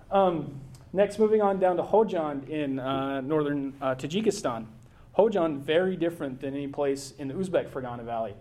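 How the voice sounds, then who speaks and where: A man's voice: a little high, fairly quick, darkish tone, slight background noise. A middle-aged American man giving a casual travel slideshow talk, rambling with many fillers and restarts. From United States.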